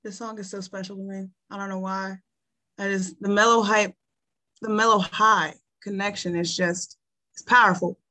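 A woman's voice: mid-range voice, little pitch movement, moderate pace, bright, forceful tone. A woman talking as a podcast guest in casual chat, enthusiastic and laughing often, with frequent hesitations.

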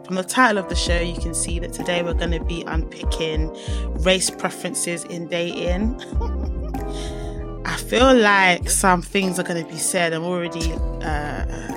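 A woman hosting a casual podcast, bubbly and quick to laugh. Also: fairly low pitch, music in the background. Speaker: podcast host.

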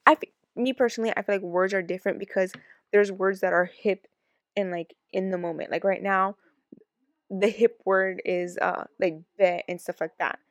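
A woman co-hosting a casual chat who rants in quick bursts and talks over her partner. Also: mid-range voice, fairly bright tone, dry recording. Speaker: podcast co-host.

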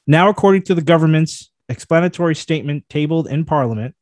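A man's voice: on the high side, fast, a little mellow, dry recording. Man, podcast host, reads headlines then riffs, dry close sound. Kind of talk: casual news discussion podcast.

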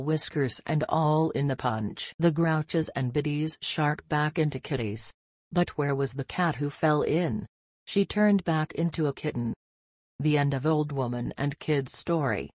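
A narrator reads a rhyming bedtime story aloud in a steady, deliberate way. The voice sits in a middle pitch, and the recording is dry and close with no echo.

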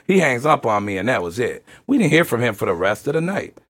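A young man reading a story aloud to friends in an animated, slangy style. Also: mid-range voice, quick pace, husky, dry recording. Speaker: podcast host reading a story.

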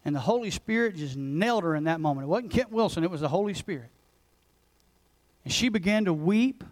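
A man in his forties, a pastor preaching a passionate sermon that swings between loud urgency and hushed intensity. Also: high voice, animated, a little fast, low-quality recording. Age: 40s. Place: church sanctuary.

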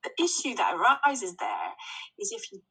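Woman, casual earnest talker who laughs easily; bright, husky edge. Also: high voice, huge pitch swings, normal speed, poor audio. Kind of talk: casual chat.

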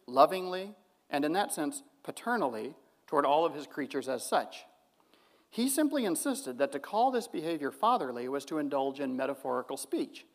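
A man with a fairly high voice reads out a theology paper at a lecture. He works through long quotations and stops now and then for relaxed asides and small fillers. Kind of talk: academic paper presentation.

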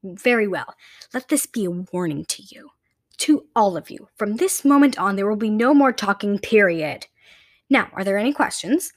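A woman's voice: mid-range voice, lively intonation, moderate pace, no echo, natural voice. A woman voicing a stern, intimidating female test proctor who barks commands, as she reads a story aloud. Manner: barking, commanding orders.

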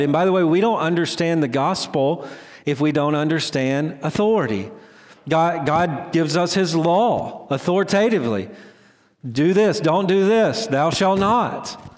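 A middle-aged male pastor delivering a sermon in a slightly higher-than-usual voice. He talks in a loose, conversational way and pokes fun at himself. His voice carries a long reverb from a large hall. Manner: conversational, self-deprecating, with frequent restarts.

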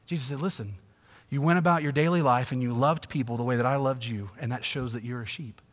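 A man preaching a sermon, swinging from hushed asides to loud, emphatic passages. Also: medium pitch, fast talker. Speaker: pastor. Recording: long reverb of a church hall.

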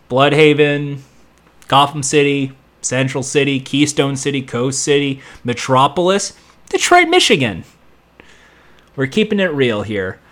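A man's voice: on the high side, a bit bright. Sarcastic man recapping a show. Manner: sarcastic, rambling, with sound effects and quick impressions. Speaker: show reviewer. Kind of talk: casual recap and commentary.

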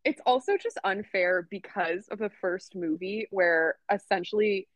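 A woman's voice: medium pitch, measured pace, dry recording. A young woman co-hosting a podcast, chatting casually and animatedly, swearing and laughing often. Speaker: podcast co-host. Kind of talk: casual chat.

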